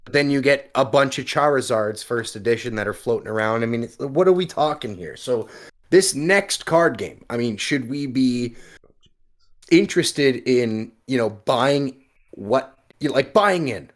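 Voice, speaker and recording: A man's voice: mid-range voice, expressive, moderate pace. A man co-hosting a casual podcast over a remote call, tossing in joking, sarcastic asides. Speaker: podcast co-host. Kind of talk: casual chat.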